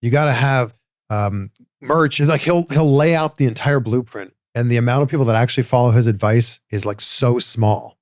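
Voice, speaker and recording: A man's voice: medium pitch, a little fast, few pauses, a little mellow, no echo, studio quality. A man from Canada hosting an interview, friendly and upbeat as he retells stories. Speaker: interview host. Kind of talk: casual interview chat. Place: studio.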